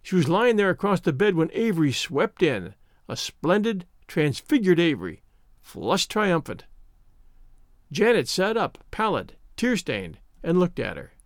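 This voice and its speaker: Expressive male storybook reader. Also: high voice, a little slow, no echo, clean studio sound. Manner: expressive, dramatic. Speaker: audiobook reader. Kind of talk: storybook narration.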